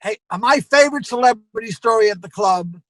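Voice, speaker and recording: A man's voice: sits high, fairly quick, dry recording, low-quality recording. A man who owns a comedy club, telling anecdotes as a guest and acting out the exchanges he recalls. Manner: animated storyteller acting out quoted exchanges.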